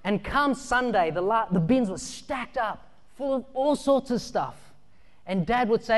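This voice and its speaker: A man preaching a sermon, telling childhood stories with animated energy, shouts and laughter. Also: high-pitched, normal speed. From Australia. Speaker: pastor. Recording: long hall reverb.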